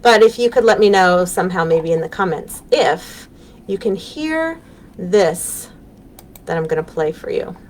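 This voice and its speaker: Lively American woman teaching little kids. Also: fairly low pitch, a little slow, slight background noise. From United States. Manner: gentle and encouraging, with frequent ums. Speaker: children's librarian. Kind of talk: live storytime lesson for young children. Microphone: webcam on a live stream.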